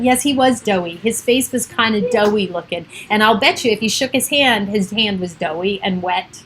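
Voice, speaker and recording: A woman's voice: mid-range voice, moderate pace, hardly any pauses, fairly bright tone, slight background noise, low-quality recording. A middle-aged woman hosting a casual livestream from her home, rambling and chatty, laughing often. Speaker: livestream host. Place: home with children and pets around.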